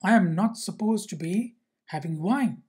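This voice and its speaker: A stiff, rule-bound Zen monk, as a storytelling teacher puts him on, pushes back in offended protest. His voice is husky and breathy, with a middling pitch. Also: unhurried, darkish tone. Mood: indignant. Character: strict, disciplined male Zen monk, indignant.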